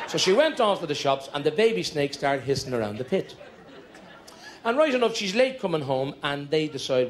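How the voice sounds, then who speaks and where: A man's voice: a little high, sing-song, a little fast, a little hiss or hum. A middle-aged Irish man telling long comic stories on stage in a chatty, conspiratorial way, building jokes through repetition. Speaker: stand-up comedian. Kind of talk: live stand-up storytelling.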